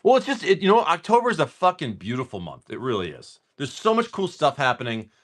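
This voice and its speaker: Chatty, lively-voiced man opening card packs. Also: fairly high pitch, quick pace. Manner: chatty, swearing, rambling storyteller. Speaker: livestream card-breaking host. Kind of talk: casual chat while opening card packs.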